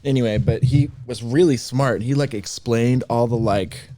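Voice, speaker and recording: A man's voice: mid-range voice, normal speed, mellow, dry recording, studio quality. A man co-hosting a podcast in casual chat, rambling through explanations and breaking into accent demonstrations. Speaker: podcast co-host.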